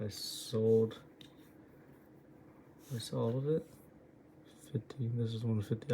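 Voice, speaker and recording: A man's voice: lowish voice, vocal fry, mellow, a little hiss or hum. A man going over his own trades and muttering to himself, exasperated and swearing at his own choices. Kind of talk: muttering self-critical screen review.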